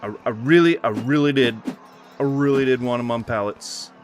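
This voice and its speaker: A man's voice: medium pitch, normal speed, faint music behind. A man giving casual gameplay commentary in a rambling manner, swearing freely and yelping suddenly. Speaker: gaming YouTuber.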